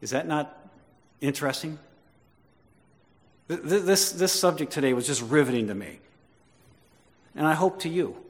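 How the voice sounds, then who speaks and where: A man's voice: on the high side, lively intonation, moderate pace, long pauses. A male pastor preaching a sermon, talking with the congregation and building to emphatic repeated declarations. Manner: conversational, questions the congregation. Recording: long hall reverb.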